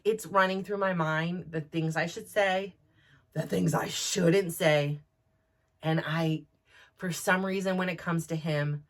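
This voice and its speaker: Bright-voiced woman in a rambling confession. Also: sits low. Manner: rambling, full of restarts and "like". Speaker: podcast host. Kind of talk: candid personal monologue.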